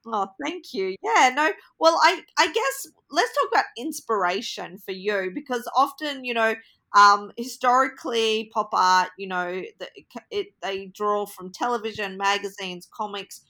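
Female interviewer, bright tone, friendly, laughs easily. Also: mid-range voice, expressive, unhurried. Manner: friendly, laughs often, hesitant fillers. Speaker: interviewer host. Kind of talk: interview conversation.

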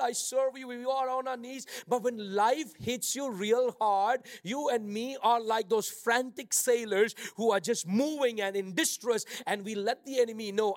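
A man with a notably high voice preaches a sermon. He shifts between hushed, thoughtful stretches and ringing, shouted declarations of faith. When he strays from his script, he trips over fillers and restarts. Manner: swings from quiet reflection to loud preaching shouts; halting restarts and fillers when speaking off the cuff. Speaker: pastor.

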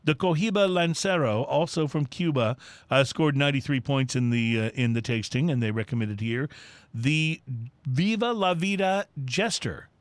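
A man's voice: on the high side, lively intonation, moderate pace, no room sound. A man co-hosting a casual talk show, reading through a cigar list with lots of fillers and easy enthusiasm. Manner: easygoing, filler-heavy, enthusiastic. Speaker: podcast co-host.

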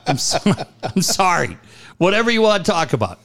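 A man's voice: sits high, measured pace, pauses often. A man in his forties co-hosting a show, telling stories with lots of swearing and put-on voices. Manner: animated, swearing, puts on voices in anecdotes. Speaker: radio show co-host. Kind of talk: casual banter.

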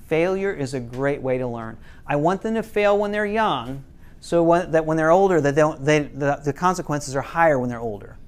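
Man teaching a parenting class. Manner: casual, quotes parents and kids in lowered voices, some restarts.

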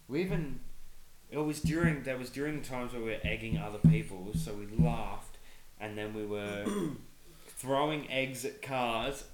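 A man's voice: medium pitch, echoey room, low-quality recording. A young man casually telling crude stories on a podcast, swearing often and laughing as he talks. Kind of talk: casual chat, storytelling.

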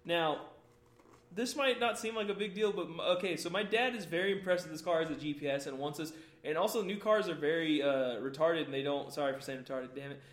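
High-voiced young man laughing through stories. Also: brisk. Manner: laughs often, swears freely, animated storytelling. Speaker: podcast host. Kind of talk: casual group chat, reading notes aloud. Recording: echoey room.

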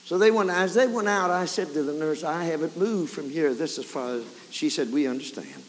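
A man's voice: fairly high pitch, lively intonation, normal speed. Fervent preacher man in a hall. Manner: builds from hushed retelling to fervent shouting. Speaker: evangelist preacher. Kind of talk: revival sermon storytelling. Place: large camp meeting hall or tabernacle. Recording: 1990s camp meeting tape, hall reverb, faint hiss.

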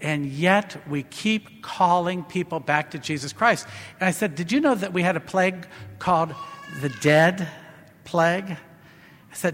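A man's voice: measured pace, fairly bright tone. A man giving a Sunday sermon as parish priest, telling a story and acting out both sides of a conversation. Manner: storytelling, acts out a dialogue with rising pitch. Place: church. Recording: long church reverb.

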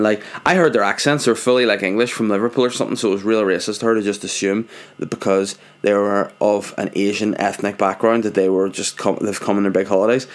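A man rambles through everyday stories in a casual, sweary monologue. He pokes fun at himself constantly. His voice sits a bit low. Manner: rambling, sweary, self-mocking. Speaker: vlogger, father.

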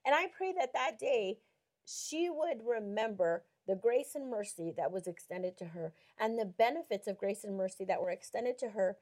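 A woman's voice: mid-range voice, moderate pace. A woman on a Christian talk show telling a story with lots of acted-out quotes and frequent laughter. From Mexico. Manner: animated storyteller, acts out quotes, laughs often.

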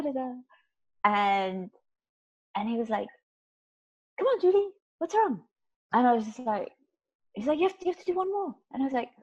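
A woman telling a personal story in casual conversation, rambling with many restarts and fillers and acting out voices. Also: medium pitch. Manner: animated, acts out quoted voices. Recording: slightly muffled recording.

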